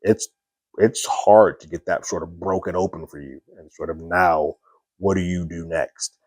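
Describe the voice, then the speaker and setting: A man's voice: low voice, steady tone, normal speed, a little mellow, slightly rough, dry recording. A man giving a casual spoken review of a TV episode, recapping scenes loosely with lots of fillers and quoted dialogue.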